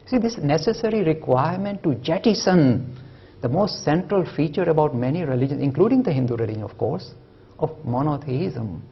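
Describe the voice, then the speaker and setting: A man's voice: fairly high pitch, animated, brisk, breathy edge, lo-fi sound. A man giving a public lecture, storytelling with humor and emphatic delivery.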